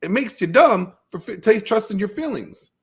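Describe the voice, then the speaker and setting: A man on a discussion panel pushes his argument hard and emphatically. His voice sits slightly high for a man. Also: expressive, normal speed, vocal fry, slightly rough. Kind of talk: casual panel chat.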